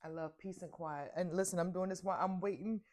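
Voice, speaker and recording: A woman's voice: lowish voice, fairly even intonation, fast, a little mellow. An older woman, a grandmother, chatting casually through her morning chores at home. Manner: chatty, talks to herself while doing chores. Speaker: vlogger. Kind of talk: casual morning vlog narration. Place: home kitchen.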